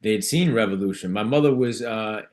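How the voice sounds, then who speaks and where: A middle-aged man, a physician and author, telling stories in a relaxed, reflective way and often restarting his sentences. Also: fairly low pitch, a little fast. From United States. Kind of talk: conversational storytelling in an interview.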